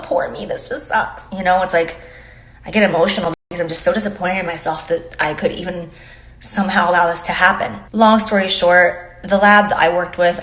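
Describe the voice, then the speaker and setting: A woman's voice: on the low side, a bit bright, roomy sound. A woman founder of a beauty brand making an emotional, earnest apology on her phone, rambling with lots of "like", close to tears. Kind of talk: apology video on social media. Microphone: phone held to face.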